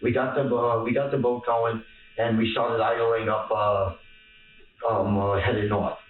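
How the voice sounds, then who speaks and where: A man being interviewed by police, talking haltingly with many fillers. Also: medium pitch, level tone, phone-quality sound. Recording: echoey room, distant mic, faint noise.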